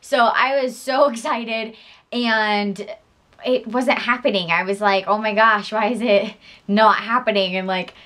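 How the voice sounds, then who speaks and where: A woman's voice: medium pitch, fairly even intonation, measured pace, a bit bright. A young adult woman vlogger telling a story in a chatty, gushing, giggly way. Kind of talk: casual storytelling to camera.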